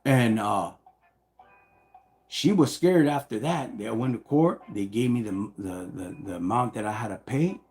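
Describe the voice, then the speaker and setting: A middle-aged man tells a personal story casually on a live stream, animated and full of slang, acting out what people said. His voice is on the low side and his pace measured, with faint music in the background.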